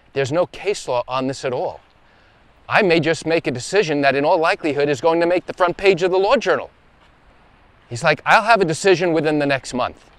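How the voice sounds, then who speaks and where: A middle-aged man, a lawyer telling a story to camera outdoors on a beach, emphatic and fond of repeating phrases for stress. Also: a little high.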